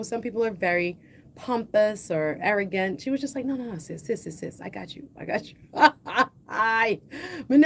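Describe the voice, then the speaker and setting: A middle-aged Jamaican woman telling a story on her livestream in a chatty, animated way, slipping now and then into patois. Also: on the high side, slight background noise. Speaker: livestream host.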